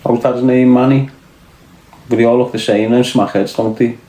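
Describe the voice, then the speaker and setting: A Scouse-accented man hosts a casual livestream, reading his chat and trading crude, mocking banter full of swearing. His medium-pitched voice is level, warm and fairly quick, with a roomy sound.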